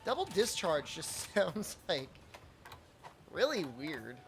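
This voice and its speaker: A man's voice: fairly high pitch, very animated, slow pace, music in the background. A man streaming a video game, chatting casually with his chat, answering questions and laughing often.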